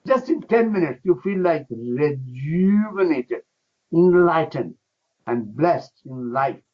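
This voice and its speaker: An older man who teaches laughter yoga is an exuberant radio guest, speaking broken English and breaking into chants and laughter. His voice is a little high with lively intonation and a slow pace, and the interview comes through with a dull, lo-fi radio sound.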